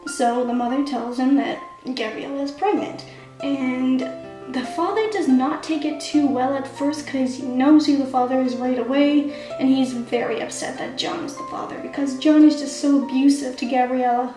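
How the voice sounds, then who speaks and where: A woman's voice: sits high, normal speed. A woman casually recapping the plot of a story she wrote, in a chatty way with lots of "like" and "kinda". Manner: chatty, constant "like" and "kinda" fillers. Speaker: amateur writer summarizing her own story. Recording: echoey room with faint background music.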